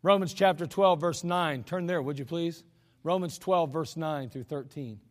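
A man's voice: a little high, moderate pace. A male pastor preaching a sermon in a folksy, emphatic way, with chuckling asides, in a church sanctuary. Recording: long hall reverb.

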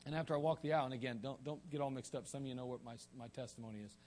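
A man's voice: mid-range voice, very fast, a little mellow, slight background noise. A man preaching a sermon in a folksy, joking way, often restarting his sentences, with an Ohio accent. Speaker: pastor.

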